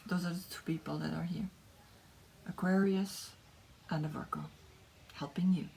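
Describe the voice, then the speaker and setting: A woman reads tarot in a soft, encouraging voice that often sinks into a whisper. Her tone is mellow and lowish, and she takes her time with every phrase. A faint hiss sits under the voice. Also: steady tone, moderate pace, vocal fry. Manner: gentle, encouraging, with frequent tag questions. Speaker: tarot reader. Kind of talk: tarot reading with guided meditation.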